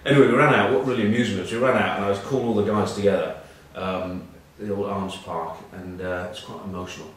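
A low-voiced man in his forties wanders through dressing-room anecdotes with dry, self-deprecating humour. He stumbles over ums and uhs as he talks. The sound is boomy and distant, with heavy room echo and a faint hiss of background noise. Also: steady tone, fast, hardly any pauses. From England. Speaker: former rugby captain presenting a web news piece. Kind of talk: casual anecdotal monologue.

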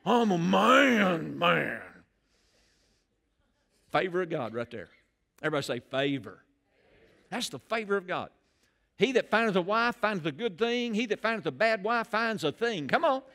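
Man, pastor, bright forceful tone, slightly high pitch, animated preaching. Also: a little fast. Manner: animated preaching, rising loud on key phrases. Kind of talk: sermon. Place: church sanctuary.

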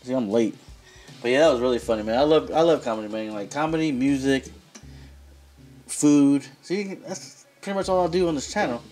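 A man's voice: medium pitch, a little fast, a little mellow, faint music behind. A man hosting a reaction video, talking casually and reading viewer comments aloud. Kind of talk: casual chat.

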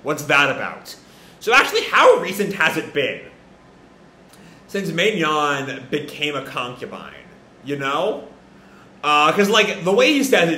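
Lively chatty man with stuffed sinuses. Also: fairly high pitch, roomy sound, a little hiss or hum. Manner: rambling, thinks aloud with fillers. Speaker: manga reaction host. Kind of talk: casual live reading and reaction.

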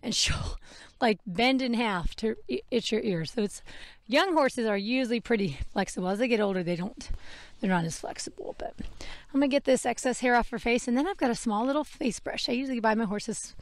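Grooming a horse outdoors, a woman who trains horses and hosts a podcast talks fairly quickly in a fairly high, lively voice. She rambles chattily, corrects herself, and laughs when she slips. Her wearable mic picks up no room sound.

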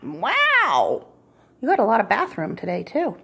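A woman's voice: fairly high pitch, huge pitch swings, unhurried, vocal fry, fairly bright tone, breathy edge. A woman cat sitter talking to a cat while filming with a phone in a client's home, cooing in baby talk and sometimes dropping to a whisper. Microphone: phone camera pointed at the floor.

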